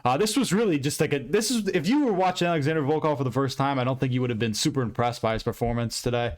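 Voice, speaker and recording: A man giving a casual, profane and rambling recap of a fight card, with bursts of excitement. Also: mid-range voice, quick pace. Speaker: MMA commentator recapping fights.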